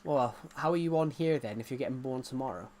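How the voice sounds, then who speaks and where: A man's voice: mid-range voice, fast talker, a little mellow. A man chatting casually to viewers during a gaming live stream, rambling and joking as he plays.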